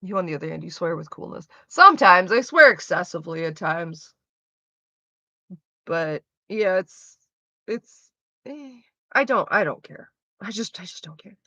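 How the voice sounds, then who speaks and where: A woman's voice: fairly low pitch, lively intonation, measured pace, long pauses, pushed and bright, dry recording, highs cut off. A woman livestreaming, answering her chat in a frank, chatty way and swearing freely. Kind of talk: casual chat.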